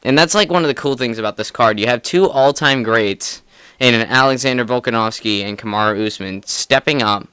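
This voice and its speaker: Casting: young male podcast co-host, excitable and profane, clear bright tone. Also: mid-range voice, a little fast, dry recording. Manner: excitable, profane, laughs often. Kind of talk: casual sports chat.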